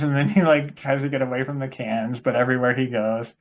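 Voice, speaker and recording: A man's voice: mid-range voice, normal speed, few pauses. A man co-hosting a casual movie podcast, rambling with lots of fillers and acting out scenes he retells. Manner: rambling, many fillers, acts out quoted lines. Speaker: podcast co-host. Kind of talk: casual chat about movies.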